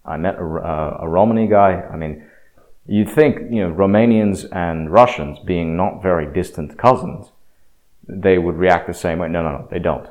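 Low-voiced man musing with many fillers. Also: moderate pace, a little mellow. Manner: hesitant, many fillers and restarts; reflective, self-deprecating. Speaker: speaker sharing experience. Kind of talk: casual monologue.

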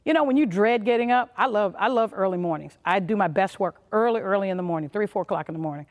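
A woman's voice: mid-range voice, quick pace, big-room sound. A woman giving a motivational leadership talk in an emphatic, punchy way. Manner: emphatic, punchy, acts out little quoted voices. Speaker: motivational conference speaker.

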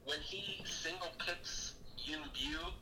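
A man's voice: sits high, slow. A man co-hosting a casual film podcast with dry, wry asides. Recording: distant, noisy audio.

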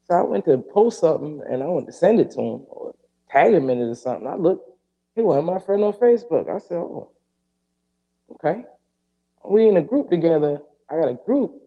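A man hosting a podcast, telling a story in a casual, profane and animated way and acting out the dialogue. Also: fairly high pitch, a little fast, muffled recording. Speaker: podcast host.

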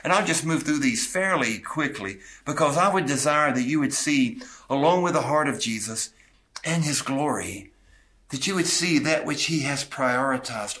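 A man's voice: mid-range voice, animated, moderate pace, fairly bright tone. A male pastor preaching an expository sermon, earnestly retelling scripture with asides and small restarts.

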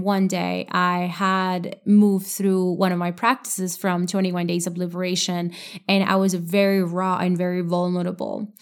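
A woman hosting a podcast, telling a personal story in an earnest, reflective way, with many "like" fillers. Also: on the low side. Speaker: podcast host and coach.

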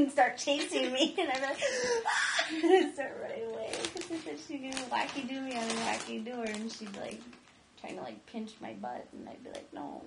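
A teenage girl in her last year of high school, co-hosting a casual video chat, rambling and giggling with lots of "like". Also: animated, moderate pace, gravelly, background noise. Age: high school senior, late teens. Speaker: vlog co-host.

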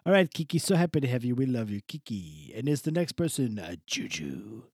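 A man co-hosting a podcast in casual chat, playful and animated. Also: medium pitch, fairly quick, husky, no echo, clean studio sound. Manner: playful, sings snatches of songs, animated. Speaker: podcast co-host.

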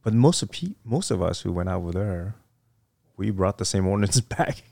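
A very deep, gravelly middle-aged man recounts his service years in a relaxed interview. He wanders through each story with ums, uhs and restarts. The sound is close and dry. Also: normal speed, no echo. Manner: rambling, many fillers and restarts. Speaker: guest, retired Marine officer.

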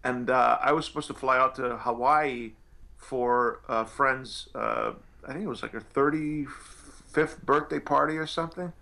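A man's voice: medium pitch, sing-song, a little slow, vocal fry, sharp tone. A male actor telling anecdotes in an interview, rambling with many restarts and fillers. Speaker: actor guest.

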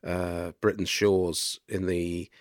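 A man co-hosting a book podcast, sounding deeper and throaty from a virus, talking with hesitant restarts. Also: little pitch movement, slow pace, no echo, studio quality. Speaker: podcast co-host and publisher. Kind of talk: casual podcast chat.

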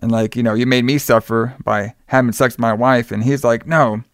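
A man's voice: medium pitch, fairly even intonation, a little fast, clear, resonant tone, dry recording, clean studio sound. Casual man rambling through a plot recap. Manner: loose, filler-heavy retelling with quoted lines.

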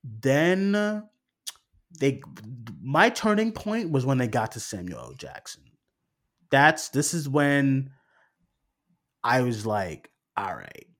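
A man's voice: medium pitch, sing-song, slow, long pauses, a bit bright. A young man co-hosting a film review podcast, telling a story animatedly, swearing freely and acting out his own reactions. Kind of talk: casual chat.

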